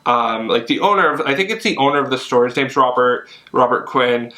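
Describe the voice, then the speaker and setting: A young man chatting casually while unboxing comics, excitable and full of fillers and gushing. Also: medium pitch, brisk. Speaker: comic collector vlogger. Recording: echoey room.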